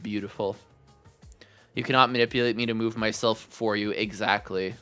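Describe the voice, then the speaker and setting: A man hosting a casual live-stream chat from home, giving blunt advice with plenty of swearing and animated ranting. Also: on the low side, moderate pace, smooth, soft background music. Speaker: streamer and podcast host.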